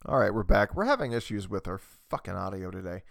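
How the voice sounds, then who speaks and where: A man's voice: fairly low pitch, big pitch swings, quick pace, gravelly, no room sound, studio quality. A man hosting a podcast, ranting crudely and mockingly on a desk microphone. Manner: profane, mocking, with mimicked voices. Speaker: podcast host. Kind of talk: crude comedic rant. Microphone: desk USB microphone.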